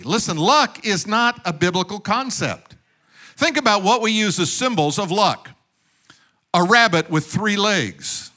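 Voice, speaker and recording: Male preacher, high and forceful, punchy rhetorical sermon style with playful jabs at the congregation. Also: animated, measured pace. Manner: emphatic, with rhetorical questions and calls for amen; joking asides to the congregation. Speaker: pastor.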